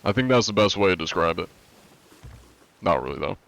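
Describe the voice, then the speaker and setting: A man's voice: low voice, lively intonation, fairly quick, gravelly, a bit bright. A young American man streaming live, chatting casually with viewers in a laid-back, rambling way. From United States. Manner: laid-back, rambling, lots of likes and ums.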